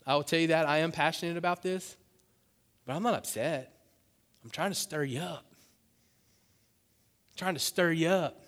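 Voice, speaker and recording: A man preaching a sermon to his church, passionate and swinging into loud, emphatic bursts. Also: on the high side, moderate pace, long pauses. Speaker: pastor. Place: church sanctuary. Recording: long hall reverb.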